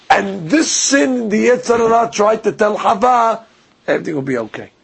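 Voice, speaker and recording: A man's voice: sits high, creaky, slightly rough, low-quality recording. A man giving a religious lecture, telling stories with animation and acting out the dialogue. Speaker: Torah teacher.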